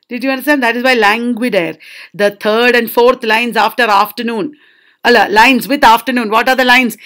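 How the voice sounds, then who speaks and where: A woman teaching a literature lesson, reading poem lines slowly and explaining them, often asking students if they understood. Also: a little high, fairly bright tone. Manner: slow, drawn-out poetry reading with checking questions to students.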